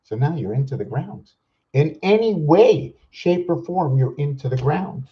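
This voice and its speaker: A man hosting a rambling vlog monologue, musing aloud with rhetorical questions and slowly counting out numbers, at times loud and worked up. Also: on the high side, lively intonation, breathy edge, dull audio. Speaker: channel host.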